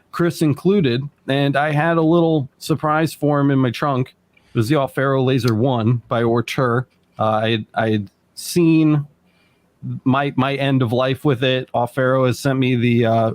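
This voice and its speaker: A man hosting a podcast in casual chat, upbeat and joking, explaining things plainly. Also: mid-range voice. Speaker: podcast host.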